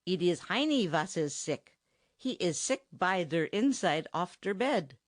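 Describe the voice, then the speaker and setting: A woman's voice: lowish voice, sing-song, slow pace, no room sound. A woman voicing a stubborn, sarcastic German band musician with a heavy German accent and broken English, recorded dry for an audiobook. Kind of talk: audiobook character voice.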